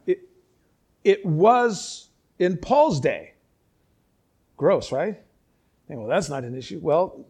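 High-voiced man preaching a lively sermon. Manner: conversational, animated, with sarcastic asides and chuckles. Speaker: pastor. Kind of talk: expository sermon.

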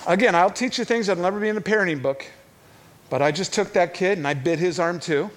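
Animated, higher-voiced male preacher. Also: a little fast. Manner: animated storytelling, repeats words. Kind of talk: sermon.

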